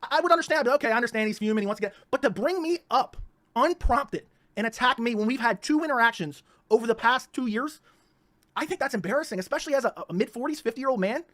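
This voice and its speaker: With a Baltimore accent, this YouTube host rants in a heated, mocking monologue, circling back to repeat himself. He talks fast in a very high, expressive, somewhat bright voice.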